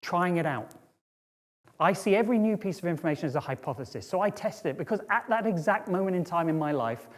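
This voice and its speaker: A man's voice: high-pitched, quick pace. A middle-aged man giving a conversational storytelling talk on stage, often checking in with the audience. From Britain. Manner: lively, conversational, checks in with "right?" and "okay?". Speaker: speaker. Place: auditorium stage.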